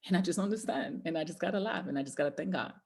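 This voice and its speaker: A woman's voice: lowish voice, racing, gravelly, darkish tone. A woman giving a motivational talk to a group call, preacher-like and exhorting, with repeated rallying lines. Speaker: motivational trainer.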